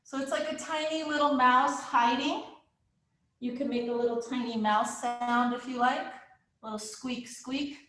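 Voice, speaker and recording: A kids yoga teacher guides a children's yoga class in a live virtual session, playful and encouraging, making animal sounds along the way. Her high-pitched, slightly bright voice keeps a level tone at a moderate pace. The room sounds very echoey.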